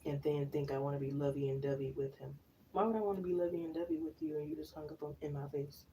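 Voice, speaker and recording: A woman's voice: sits low, fairly even intonation, fast, warm tone, distant mic, slight background noise, low-quality recording. A woman tarot reader in casual live-stream chat, telling slangy stories and laughing often. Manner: chatty, slangy storytelling with frequent laughs.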